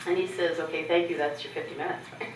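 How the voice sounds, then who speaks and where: Her deep voice comes fast with fairly even intonation as the middle-aged Canadian keynote speaker recounts personal stories candidly and humorously, performing others' lines. Recorded from afar in an echoey conference hall, the audio has slight background noise.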